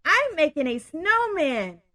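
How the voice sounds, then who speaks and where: A woman voicing an eager young male bear cub who cries out with excitement. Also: very high voice, slow pace, no echo, studio quality, voice pushed up, heavily acted.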